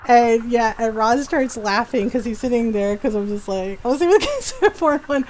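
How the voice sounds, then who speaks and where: A woman's voice: a little high, expressive, moderate pace, a little mellow, a little hiss or hum, low-quality recording. A woman in her forties chatting casually while streaming a game, telling stories with frequent giggles. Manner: giggly storytelling. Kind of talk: casual gameplay chat.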